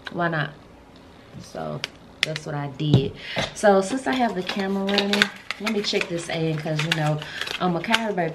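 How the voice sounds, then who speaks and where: A woman talks straight to her camera at home, chatty and open about her feelings. Clear background noise hums under the home recording. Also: sits low. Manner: chatty and emotional, calls viewers y'all and baby. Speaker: vlogger. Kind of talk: casual vlog chat.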